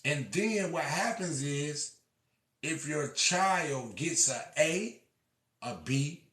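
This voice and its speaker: Passionate male storyteller, rough-edged and repetitive, distant in an echoing room. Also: fairly high pitch, expressive, slow. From Illinois. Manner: impassioned, swings from shouting to quiet; profane, repeats himself. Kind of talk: preaching monologue. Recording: echoey room, far from mic.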